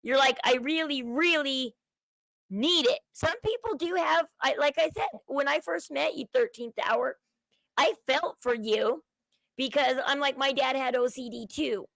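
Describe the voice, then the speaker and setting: A woman with a Southern accent chats to her livestream viewers in a loose valley-girl manner. Her voice sits a little high with a gravelly fry at the ends of phrases. The sound is dry and close. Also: unhurried, a bit bright, dry recording, rough recording. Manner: chatty, sensitive, valley-girl talk. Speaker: livestream host. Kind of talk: casual livestream chat.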